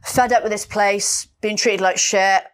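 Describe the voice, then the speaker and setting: A woman's voice: mid-range voice, steady tone, a little slow. A woman co-hosting a podcast, talking bluntly in casual chat, swearing freely and acting out quotes. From Britain. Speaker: podcast co-host.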